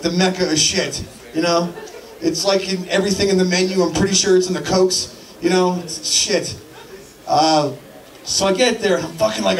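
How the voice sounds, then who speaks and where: A man doing a crude, rambling stand-up routine with lots of fillers, recorded in an echoey club from a distance. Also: high-pitched. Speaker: stand-up comedian. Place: comedy club stage.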